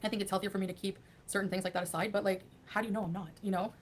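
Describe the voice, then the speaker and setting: A woman's voice: medium pitch, flat delivery, racing, a little hiss or hum. A woman rambling defensively while chatting on a livestream.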